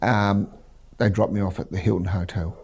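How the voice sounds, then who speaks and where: A middle-aged Australian man, a military veteran, recounting war memories in a measured, halting interview. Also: fairly low pitch, little pitch movement, a little mellow, breathy edge.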